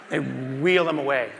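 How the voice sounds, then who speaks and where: Animated middle-aged man giving a keynote. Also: a little high, slight background noise. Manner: animated storytelling, acts out scenes, addresses the crowd. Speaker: keynote speaker. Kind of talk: conference keynote talk. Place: large conference stage. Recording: reverberant conference hall.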